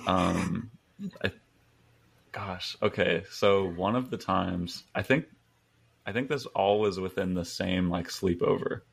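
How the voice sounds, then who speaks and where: A man's voice: sits low, takes it slowly, vocal fry, husky. A man in his twenties, a podcast guest, telling rambling stories in casual chat and chuckling as he goes.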